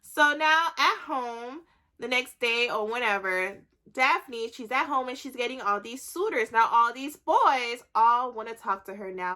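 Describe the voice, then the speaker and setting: A woman's voice: fairly high pitch, moderate pace. Chatty woman recapping a TV episode. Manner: chatty, animated storytelling with acted-out quotes. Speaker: YouTube recap host. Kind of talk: casual TV recap.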